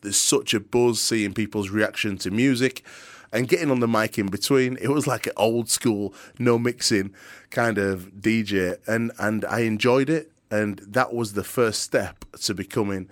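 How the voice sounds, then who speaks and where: A man, a DJ guest in an interview, telling a story with frequent restarts. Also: fairly low pitch. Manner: halting restarts, relaxed anecdotal telling.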